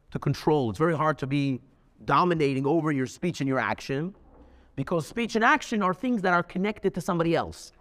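A man teaching a lively lecture, telling stories with emphatic, animated delivery and many repeats. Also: on the high side, big-room sound. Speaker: Torah teacher.

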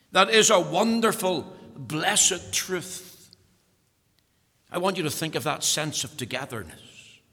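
A man's voice: sits high, bright, forceful tone. A man preaching a sermon in a church, earnest and emphatic, repeating words for stress. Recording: long hall reverb.

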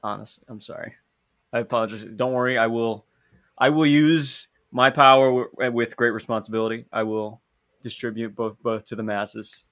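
Young male podcast host, bright tone, dry close mic, playful and self-mocking. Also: medium pitch, fairly even intonation, moderate pace, no echo. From Chicago and Indiana. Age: young adult. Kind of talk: casual chat.

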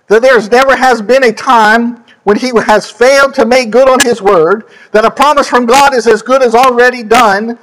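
A man preaching a sermon, quoting scripture and correcting himself as he goes, with emphatic swoops between loud high lines and quiet low ones. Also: rough recording. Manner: scripture quotes and self-corrections.

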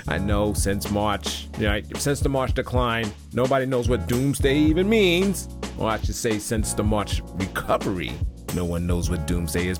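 Rambling man with low, lively voice. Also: creaky. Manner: rambling, repeats words and backtracks; chuckles between points. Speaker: stock trading YouTuber. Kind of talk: casual screen-share market commentary.

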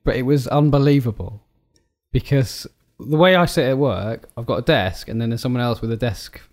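A man co-hosts a comedy podcast in loose, jokey banter. He tells long rambling stories and keeps breaking into laughter. His voice sits in an ordinary middle pitch. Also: normal speed, darkish tone. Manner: rambling anecdote teller, laughs often. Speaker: podcast co-host.

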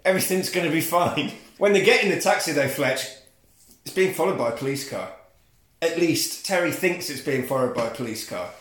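A man's voice: mid-range voice, normal speed, echoey room. A man in casual podcast chat, retelling a film plot with lots of swearing and laughter. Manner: profane, animated storytelling with laughs. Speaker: podcast co-host.

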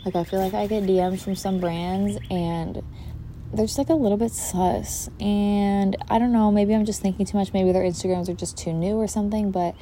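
A young woman hosts a casual podcast from a backyard, her mid-range voice mellow, fairly even and moderately paced. She rambles, swears freely and uses lots of fillers, with faint outdoor ambience behind her.

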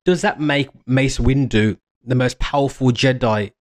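A man's voice: medium pitch, measured pace. Rambling enthusiastic man explaining fan lore. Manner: meandering, restarts mid-phrase, enthused. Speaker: fan commentator. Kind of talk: casual fan explainer monologue.

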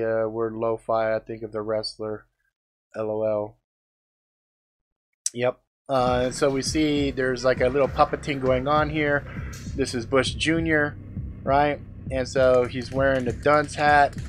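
Tasting snacks on his live stream, a man rambles casually, full of filler words and curses, with sudden loud outbursts. His voice is medium-pitched, and there's a little hiss or hum in the audio.

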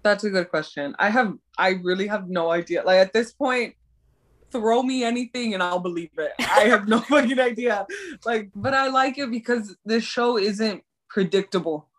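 A young woman casually recapping a drama episode, expressive, swearing and laughing often. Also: mid-range voice, normal speed.

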